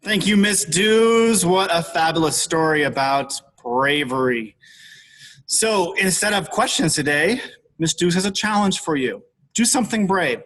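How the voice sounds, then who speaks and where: A man's voice: high-pitched, expressive, unhurried, a bit bright, low-quality recording. A man giving school morning announcements, upbeat and instructive.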